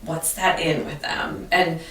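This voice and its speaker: Brief: earnest woman teacher, deep voice, roomy distant recording. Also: takes it slowly. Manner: earnest, animated storytelling with restarts. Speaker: teacher, interview guest. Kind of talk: conversational interview. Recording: echoey room, distant mic.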